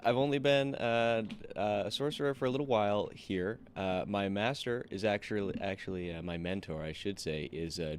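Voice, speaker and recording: A man hosting a game stream, teasing his co-host and spinning deadpan stories. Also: fairly low pitch, a little hiss or hum. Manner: teasing, deadpan storytelling with many fillers. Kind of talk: casual in-character banter.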